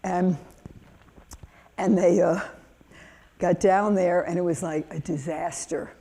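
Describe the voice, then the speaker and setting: An older woman from the United States giving a lively keynote talk, telling stories and acting out children's voices. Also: lowish voice, slow pace. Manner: animated storytelling, acts out kids' voices. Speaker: keynote speaker.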